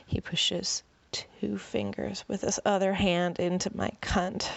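Husky woman narrating in whispered role-play. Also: mid-range voice, little pitch movement, slow, hardly any pauses, no room sound, muffled recording.

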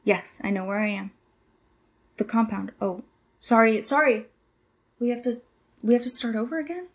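A woman's voice: a little high, fairly even intonation, normal speed. A woman in her twenties playing a nervous young cult initiate who stammers, apologizes and tries hard to please. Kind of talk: audio drama monologue.

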